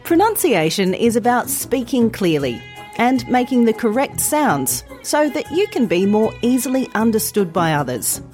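A woman teaching pronunciation in a scripted podcast, speaking slowly and carefully articulating each sound. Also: on the high side, big pitch swings, darkish tone, faint music behind. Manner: slow, clear, carefully articulated. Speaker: pronunciation teacher and news presenter. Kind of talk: scripted educational podcast narration.

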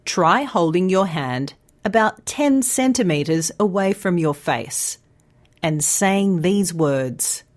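A woman teaching English pronunciation in a scripted podcast lesson, speaking slowly and enunciating every sound carefully. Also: fairly low pitch, expressive. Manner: slow, clear, carefully enunciated.

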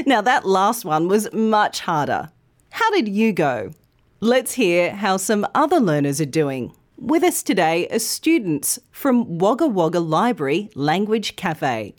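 A woman hosting a podcast lesson, enunciating each sound slowly and clearly. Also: medium pitch, very animated. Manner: slow, clear, exaggerated enunciation. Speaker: podcast English teacher. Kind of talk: scripted pronunciation lesson.

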